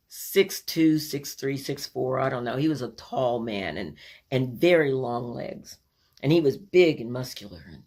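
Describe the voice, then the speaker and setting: A woman earnestly retelling a childhood family story in an animated, personal way. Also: very deep voice.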